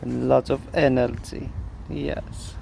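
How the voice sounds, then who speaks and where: A man cooing to his dog in soft, affectionate baby talk. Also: mid-range voice, little pitch movement, takes it slowly, vocal fry, noisy background. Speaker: dog owner.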